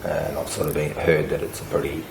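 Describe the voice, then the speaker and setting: A man with laryngitis speaking hoarsely and hesitantly as a volunteer client in a role-play therapy session. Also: very deep voice, completely flat delivery, brisk. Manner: hesitant, with many ums and restarts. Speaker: workshop volunteer playing a client. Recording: echoey room with noise.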